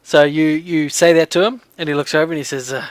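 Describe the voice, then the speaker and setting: A man's voice: fairly high pitch, steady tone, quick pace, no room sound. A man, narrating a tabletop game as game master in a casual way with many fillers.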